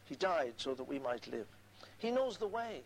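A man's voice: fairly high pitch, very animated, moderate pace, vocal fry, slight background noise, low-quality recording. A man preaching a sermon, earnestly quoting scripture and repeating key phrases for emphasis.

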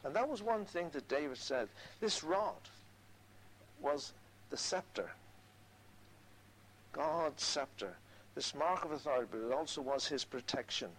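A man's voice: a little high, expressive, measured pace, long pauses, a bit bright, slight background noise, low-quality recording. A man preaching a sermon, earnestly quoting scripture and repeating key phrases for emphasis.

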